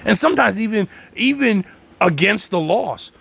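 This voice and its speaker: A man's voice: sits high, animated, moderate pace, creaky, fairly bright tone, breathy edge. A man delivering a heated, rambling rant monologue, swearing constantly as he talks. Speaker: channel host.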